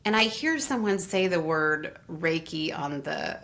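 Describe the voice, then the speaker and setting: A woman guest in an interview, telling a long personal story in a casual, animated way with frequent laughs. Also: deep voice, measured pace. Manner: animated, laughs often, acts out what others said. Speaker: interview guest, Reiki teacher.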